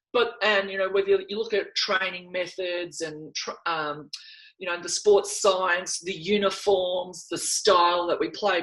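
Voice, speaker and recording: An Australian woman in her fifties, a former athlete telling stories in a podcast interview, lively and laughing often as she acts out old conversations. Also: fairly low pitch, poor audio. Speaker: guest, former netball player.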